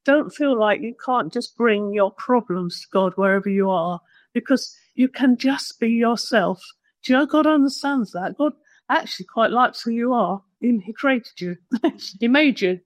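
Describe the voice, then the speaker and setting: A woman's voice: on the high side, moderate pace, no room sound. A woman preaching a conversational sermon, plain-spoken and self-deprecating.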